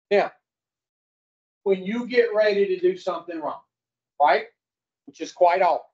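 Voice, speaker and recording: Blunt high-voiced man teaching a group. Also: darkish tone. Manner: folksy, blunt, swears, quizzes the audience. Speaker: recovery group speaker. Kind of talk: casual teaching talk to a group. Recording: dull lo-fi recording.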